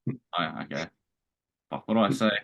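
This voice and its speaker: Laid-back swearing Australian host. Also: male voice, lowish voice, very animated, fairly quick, creaky, a bit bright, dull audio. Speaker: podcast host. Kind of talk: casual podcast chat.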